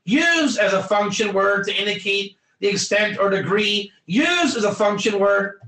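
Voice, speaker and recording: A man's voice: high voice, lively intonation, a little slow, pushed and bright, reverberant. A man teaching a Torah class in an emphatic, repetitive lecture style, quizzing his students by name.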